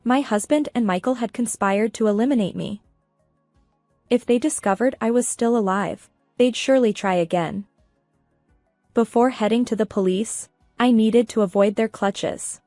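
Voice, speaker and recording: Female storyteller for a revenge-drama channel, steady delivery, slightly high voice. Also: moderate pace, no echo, studio quality, faint music behind. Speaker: story narrator. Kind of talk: first-person revenge story narration.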